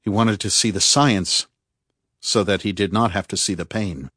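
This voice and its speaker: Male audiobook narrator, low voice, measured and grave, dry close sound. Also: fairly bright tone, no room sound. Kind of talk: scripted narration.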